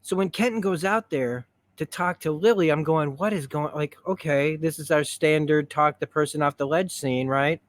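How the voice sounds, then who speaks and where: A man reviewing a TV episode in a rambling, excitable way, retelling scenes as he goes. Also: a little high, no echo. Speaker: show reviewer. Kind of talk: stream-of-consciousness review.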